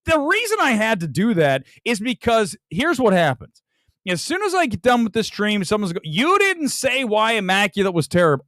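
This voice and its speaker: A man hosting a movie talk livestream, ranting in an animated way and reading viewer comments aloud. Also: sits high, no room sound. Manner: animated, ranting, reads viewer super chats. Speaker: movie talk show host. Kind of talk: livestream movie review chat.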